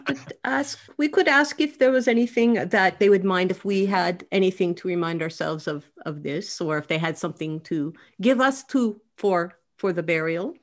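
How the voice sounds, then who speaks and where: A woman's voice: fairly low pitch, moderate pace, hardly any pauses. A woman playing a tabletop game, making tentative suggestions. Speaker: player. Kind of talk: casual tabletop play.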